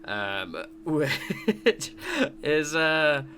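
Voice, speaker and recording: A man's voice: fairly high pitch, lively intonation, drawn-out words. Chatty man on a noisy podcast mic. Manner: rambling, laughs often, retells scenes. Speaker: podcast co-host. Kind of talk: casual review chat.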